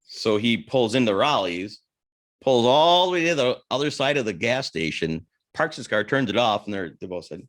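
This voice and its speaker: Medium in pitch, fairly bright and animated, a man talks at a moderate pace on the casual podcast he co-hosts. He rambles through a crude story, cutting himself off and beginning again repeatedly.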